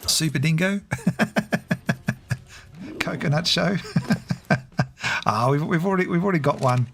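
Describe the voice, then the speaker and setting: A man's voice: fairly high pitch, a little slow, vocal fry, a bit bright. A man chatting casually while streaming a game, greeting viewers by name and laughing often. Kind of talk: casual livestream chat.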